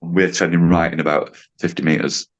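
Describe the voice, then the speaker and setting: A man in his late fifties tells a story on a podcast, his voice low and deep. He talks casually and acts out the voices of the people in his story, breaking into laughs now and then. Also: moderate pace, muffled recording. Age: 50s. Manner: animated storyteller, acts out quotes, laughs often. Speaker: podcast guest, driving instructor.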